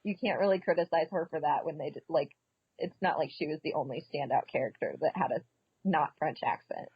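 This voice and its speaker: A woman's voice: low-pitched, a little fast, husky, dry recording, highs cut off. A woman, a podcast guest, chatting casually about a film in a talkative way, often saying "like". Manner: chatty, says "like" a lot and laughs often. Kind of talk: casual movie review chat.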